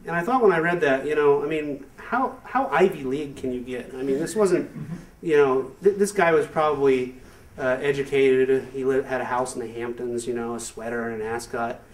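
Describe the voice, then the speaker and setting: A man doing a stand-up comedy set, rambling and self-amused with lots of fillers and restarts, now and then jumping into high squeaky voices for his bits. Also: normal speed. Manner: breaks into high squeaky put-on voices for jokes. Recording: distant mic, far from the speaker.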